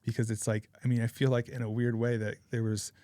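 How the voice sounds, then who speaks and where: A man's voice: medium pitch, little pitch movement, fast talker, warm tone, no echo, clean studio sound. Chatty middle-aged man telling a story. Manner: rambling, chatty anecdote-telling with frequent laughs. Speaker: podcast guest. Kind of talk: casual storytelling.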